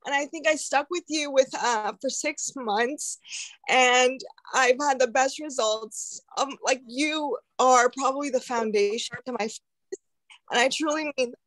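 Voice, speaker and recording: A woman in her thirties on a video call, giving an emotional, earnest thank-you with halting pauses. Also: high voice, a bit bright, no echo. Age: 30s. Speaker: caller on a group call.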